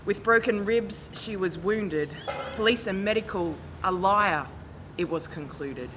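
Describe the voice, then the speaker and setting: Woman in her forties, spoken word poet, unhurried and grave, over a noisy backdrop of traffic. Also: medium pitch, a bit bright. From Australia. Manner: measured, grave delivery rising to impassioned calls. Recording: noisy recording with traffic ambience.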